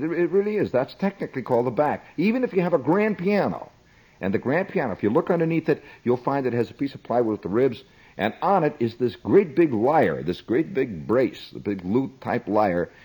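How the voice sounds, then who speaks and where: A middle-aged man telling a comic story, chatty and animated, with frequent asides to the listener. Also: medium pitch, slightly rough, rough recording.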